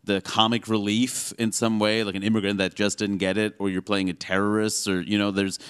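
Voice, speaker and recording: A man in his forties with a somewhat low voice, talking as a guest in an interview. He's quick, wry and animated, peppering his speech with "like" and "you know." He's from the United States. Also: clean tone. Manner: talks fast with many fillers, animated and wry. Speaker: guest comedian. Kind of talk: conversational interview.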